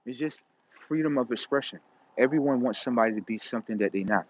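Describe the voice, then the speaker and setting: A man's voice: mid-range voice, quick pace. A man in a profane, rambling, emphatic casual monologue. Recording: dull lo-fi recording.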